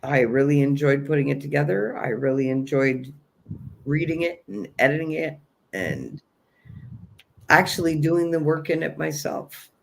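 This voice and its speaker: A man with a mid-range voice and vocal fry hosts a spiritual livestream. His self-help talk is earnest and encouraging, repeatedly circling back to the same key phrases.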